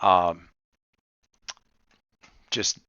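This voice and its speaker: A man running a tabletop game, thinking aloud with many halting restarts. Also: sharp tone, no room sound, dull audio. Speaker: game master.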